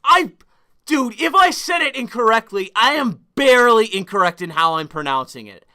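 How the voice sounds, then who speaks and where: A man's voice: very high voice, expressive, pushed and bright. A man live-streaming, talking at length and arguing with his chat, swearing freely and combative. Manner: profane, combative, quick to argue with chat.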